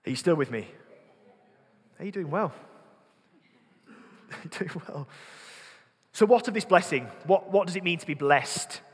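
A man's voice: sits high, lively intonation, a little fast, slightly rough. A man with a Yorkshire accent preaching a sermon, earnest, repeating words as he thinks and putting questions to the congregation. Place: church. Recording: long hall reverb.

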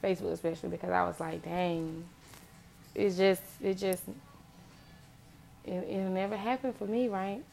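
A woman's voice: mid-range voice, fairly even intonation, normal speed, vocal fry, long pauses, darkish tone, faint music behind. A woman giving an earnest, impassioned motivational faith talk, repeating phrases for emphasis.

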